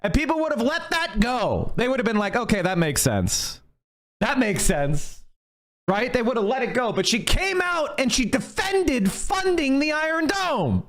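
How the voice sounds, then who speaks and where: A man streaming a heated political rant, angry and profane, fired up as he goes. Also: sits high. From United States.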